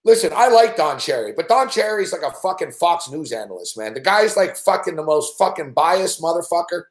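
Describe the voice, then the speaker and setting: A man's voice: on the high side, sing-song, a little fast, reverberant. Profane ranting male sports host. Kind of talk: profane sports betting rant show. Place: indoor home studio.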